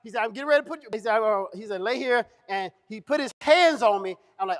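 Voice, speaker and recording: A man with a strikingly high voice tells a comic story to a live audience. He is middle-aged and animated, jumping into the voices of the people he quotes. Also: fast. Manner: animated, acts out dialogue. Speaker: comedian. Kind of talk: comedic storytelling. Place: event stage.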